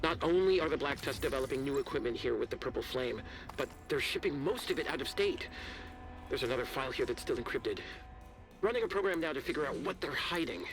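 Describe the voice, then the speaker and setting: An actor playing a terse male mission handler in a video game, giving orders to an agent in a brisk, commanding way. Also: medium pitch, lively intonation, close to an everyday voice. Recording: game audio over music.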